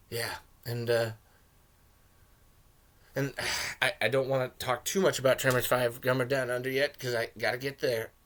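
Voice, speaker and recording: A man hosting a podcast, reviewing a film in a casual, profane and rambling rant that turns excitable. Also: medium pitch, a little slow, long pauses. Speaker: podcast host.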